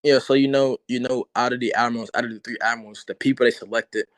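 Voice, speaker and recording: A man's voice: medium pitch, steady tone, quick pace, no room sound, low-quality recording. Hesitant man in a casual debate. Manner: hesitant, many restarts and fillers.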